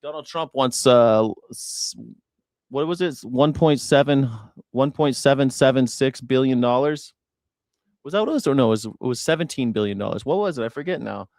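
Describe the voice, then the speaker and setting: A man's voice: mid-range voice, lively intonation, moderate pace, a little mellow, no echo, studio quality. A man hosting a news reaction show, ranting sarcastically with profanity.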